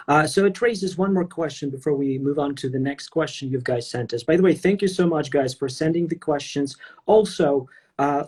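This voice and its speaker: A man's voice: on the high side, a little mellow, husky. A man with a Russian accent hosting a livestream interview, chatty and full of questions. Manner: chatty, questioning, laughs easily. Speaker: host.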